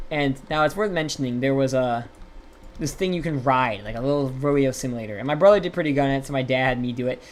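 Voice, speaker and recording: A man's voice: mid-range voice, creaky, slight background noise. A young man telling a rambling, profane story while streaming a game live.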